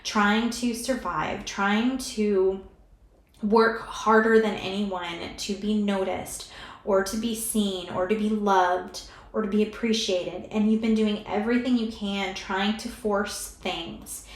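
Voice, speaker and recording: Woman doing a tarot pick-a-card reading, slow and soothing, teary, echoey room. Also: medium pitch, fairly even intonation. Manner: soft, emotional and soothing, speaking straight to the viewer. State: close to tears.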